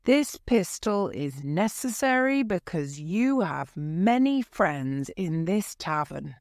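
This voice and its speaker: A woman's voice: fairly low pitch, very animated, slow pace, a little mellow, no room sound, studio quality, exaggerated voice. A woman voicing a confident masked male swordsman hero in a storybook reading. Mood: stern. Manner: confident, commanding.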